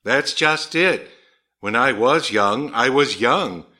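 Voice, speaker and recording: A man voicing a worried middle-aged father waiting up for his children at night, speaking a little above his own pitch. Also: expressive, slow pace, pushed and bright. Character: anxious middle-aged father staying up late.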